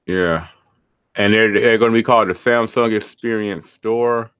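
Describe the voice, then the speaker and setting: A man's voice: on the low side, measured pace, clean tone, no echo, phone-quality sound. A man in a casual tech chat, describing things hesitantly while searching for words.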